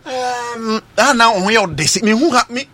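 A Ghanaian man hosting a sports radio show, excitable and chatty, calling out to his co-host and mixing English with Twi. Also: very high-pitched, moderate pace, crowd noise. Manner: excitable, shouts out names, mixes English and Twi. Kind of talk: lively sports radio chat.

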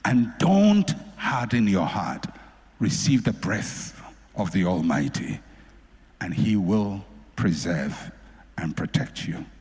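A man preaching a sermon, repeating phrases for emphasis and swinging between loud and soft. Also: on the low side, very animated, slow, slightly rough. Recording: echoey hall with long reverb.

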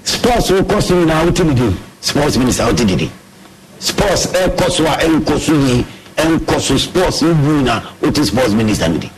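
A man's voice: a little high, big pitch swings, normal speed, slight background noise, poor audio. A man with a Ghanaian accent delivering an impassioned political rant, repeating himself insistently and switching languages mid-sentence.

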